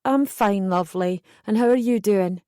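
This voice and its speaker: A woman's voice: medium pitch, normal speed, mellow, no echo, natural voice. A woman voicing an adult aunt who speaks in a tart, dry way.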